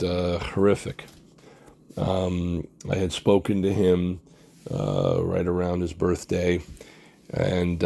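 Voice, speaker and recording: Deep husky guy on his channel, halting, lots of ums, sounds sad. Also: dark tone. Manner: halting, many fillers, grieving. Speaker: comic artist and director, channel host. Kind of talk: personal tribute vlog.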